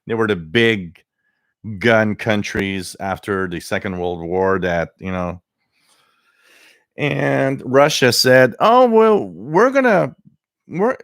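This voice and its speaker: Chatty low-voiced male stream host. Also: a bit bright, no echo, clean studio sound. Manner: rambling and chatty, with many restarts and laughs; mimics others with a raised voice. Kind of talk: casual chat reading viewer comments.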